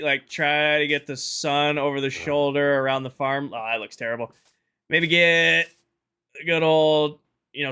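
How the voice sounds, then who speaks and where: Tired male game streamer, bright higher voice, sarcastic banter with chat. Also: clear, resonant tone. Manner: chatty, sarcastic, addresses chat directly. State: tired at end of long stream. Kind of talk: casual livestream chat.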